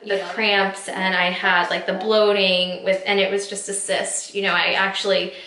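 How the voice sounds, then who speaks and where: A woman's voice: mid-range voice, little pitch movement, moderate pace, pushed and bright. A woman in her thirties talking candidly to camera at home in a get-ready-with-me vlog, rambling and heartfelt with lots of fillers. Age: 30s. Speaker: vlogger. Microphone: camera mic. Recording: roomy echo.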